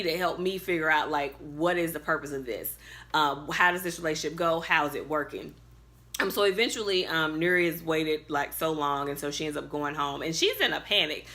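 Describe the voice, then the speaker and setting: A woman's voice: deep voice, bright, forceful tone. A woman in her bedroom recapping a TV episode to camera, chatty, with many fillers, getting worked up. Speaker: TV recap vlogger. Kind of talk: casual recap talk to camera.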